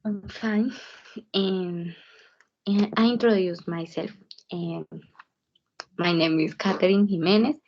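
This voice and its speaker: A woman's voice: lowish voice, darkish tone, dull audio. A woman, a Spanish-speaking student introducing herself hesitantly in English. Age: 20s. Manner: hesitant, pausing.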